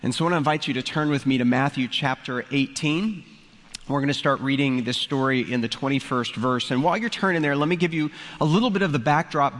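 A man's voice: fairly high pitch, a bit bright. A man preaching a sermon in a conversational way, explaining scripture with casual asides. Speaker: pastor. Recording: reverberant hall.

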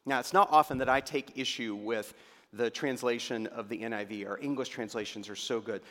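A man preaching a sermon, his delivery swelling to fervent emphasis and then dropping to hushed, near-whispered lines. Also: mid-range voice, fairly quick. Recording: long reverb of a large hall.

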